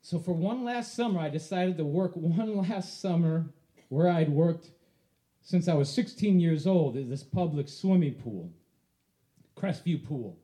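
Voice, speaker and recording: Male storyteller with a high, mellow voice, lively with a live audience. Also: unhurried. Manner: animated, laughing through the story.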